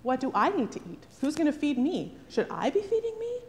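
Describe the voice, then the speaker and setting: Fairly quick and pitched high, a woman pastor's sermon rings out with a long reverb tail. Her animated delivery is full of rhetorical questions and frequent "right?"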